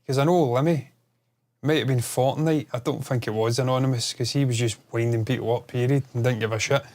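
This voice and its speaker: A man co-hosting a casual podcast, excitable and rambling, swearing freely. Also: medium pitch, brisk. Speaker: podcast co-host.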